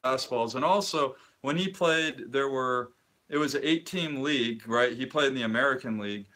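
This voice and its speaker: A man's voice: mid-range voice, moderate pace, bright, forceful tone, a little hiss or hum. A middle-aged man co-hosting a live stream, talking casually and rambling, often trailing off mid-sentence. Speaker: co-host of a live card-collecting stream.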